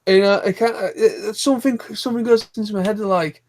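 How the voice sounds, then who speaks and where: A man's voice: high-pitched, fairly even intonation, a little fast, a little mellow. A man with a Yorkshire accent chatting casually in an online group call, rambling and digressing as he talks. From Yorkshire, England. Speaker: live chat co-host.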